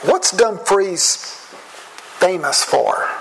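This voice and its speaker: Southern American male pastor, high and unhurried, earnest sermon delivery, faint noise behind. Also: animated, vocal fry, fairly bright tone, low-quality recording. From southern United States. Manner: measured, slow and earnest, with drawn-out words. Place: church.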